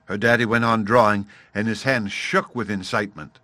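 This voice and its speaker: A man narrating a storybook audiobook in a measured, expressive way. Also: on the low side, no echo.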